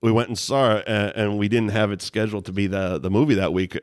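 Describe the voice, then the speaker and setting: A man in casual chat as a podcast guest, telling animated stories and acting out his own reactions. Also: on the low side, fast.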